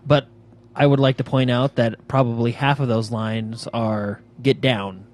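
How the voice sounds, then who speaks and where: A man co-hosting a casual gaming podcast, speaking at an ordinary mid pitch. He rambles through news items, stopping often with fillers and restarts. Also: fairly even intonation, measured pace, slight background noise. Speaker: podcast co-host. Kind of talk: casual chat.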